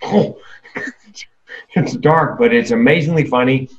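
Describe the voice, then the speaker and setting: A man's voice: medium pitch, slow pace, dull audio. Man joking darkly in a keynote. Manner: candid, dark self-deprecating humor. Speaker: keynote speaker and comedian. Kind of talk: comedic keynote talk.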